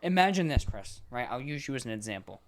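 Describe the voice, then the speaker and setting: Animated young man ranting casually. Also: mid-range voice, fast. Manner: animated, swearing, acts out exasperated phone callers. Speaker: podcast co-host. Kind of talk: casual chat.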